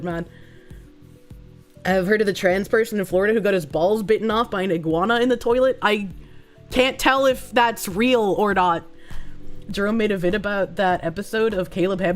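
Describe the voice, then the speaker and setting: Reading viewer donations and chat aloud on her live stream, a woman rambles and curses without restraint. Her voice sits in the middle range but comes out hoarse, as if she's ill.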